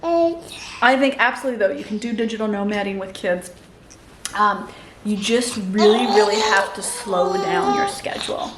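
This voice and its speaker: A woman's voice: medium pitch, sing-song, normal speed, slight background noise. A woman in her thirties chatting casually to camera as a mother and vlogger, laughing often and cooing to her baby between tips.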